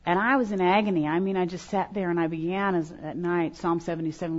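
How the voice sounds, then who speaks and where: A middle-aged woman preaching a sermon to women, swinging between loud emphatic lines and hushed, prayerful ones. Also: fairly low pitch, fairly even intonation, quick pace, hardly any pauses. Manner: preaching with strong rises and hushed prayerful drops. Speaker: speaker at a women's gathering. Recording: dull lo-fi recording.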